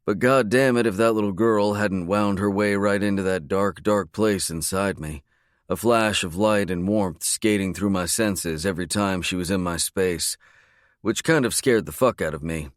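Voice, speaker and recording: A man reading a romance audiobook in a measured, low-key narration. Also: dry recording, studio quality. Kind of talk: scripted narration.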